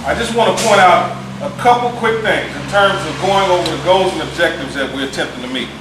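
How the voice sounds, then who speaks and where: A man's voice: on the high side, lively intonation, brisk, background noise. A man leading a community meeting, stressing and repeating his key points to the room. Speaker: meeting organizer. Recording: echoey room from far off.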